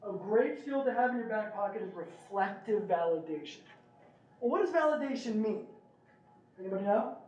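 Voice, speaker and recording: A man's voice: sits high, moderate pace. A middle-aged man speaking at a parent meeting, telling stories and often asking the audience "right?". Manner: animated, asks the audience "right?". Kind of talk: presentation with storytelling. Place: meeting room. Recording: roomy, distant, dull room recording.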